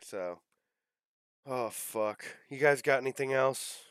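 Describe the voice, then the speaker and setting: A man hosts a podcast in casual banter. He sounds mock-angry and exasperated, swears freely, and speaks at a middle pitch. His close mic sounds dry. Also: slow pace, a bit bright, clean tone, no echo. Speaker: podcast host. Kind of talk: casual chat.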